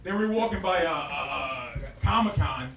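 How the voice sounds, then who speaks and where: A man's voice: fairly high pitch, expressive, normal speed, creaky, heavy background noise. A man from the Bronx with a New York accent doing a brash, crude stand-up set at a live comedy night. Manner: loud, brash and crude, riffing with the crowd. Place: comedy club with a live audience. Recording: echoey club room, distant mic, audience laughter.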